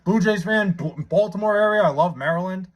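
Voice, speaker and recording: Reading out viewer comments on a live stream, this young man speaks fairly quickly in a high-pitched voice. He's excitable and casual, stammering through frequent restarts.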